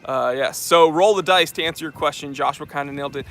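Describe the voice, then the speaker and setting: Streamer host, male, fairly high voice, put-on posh English accent, rambling joker, phone on tripod outdoors. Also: fast, fairly bright tone. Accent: affected posh English. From New Hampshire, US. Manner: joking, rambling, with frequent fillers. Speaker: channel host reading live chat. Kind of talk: casual livestream chat. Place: outdoors on a street. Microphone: phone on a handheld tripod.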